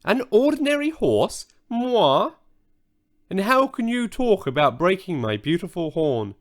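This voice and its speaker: A man's voice: a little high, sing-song, normal speed, fairly bright tone, voice pushed up. A man voicing a vain, pompous male unicorn in a children's story, haughty and sulky by turns. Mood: sulky boastful. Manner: haughty, sulky, self-admiring.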